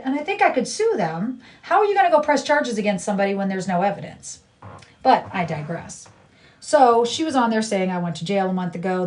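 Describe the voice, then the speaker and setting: A middle-aged woman on a casual live stream from her living room, blunt and indignant, venting about someone who keeps harassing her. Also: mid-range voice. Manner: blunt, indignant, talks to her child off to the side. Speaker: livestreamer.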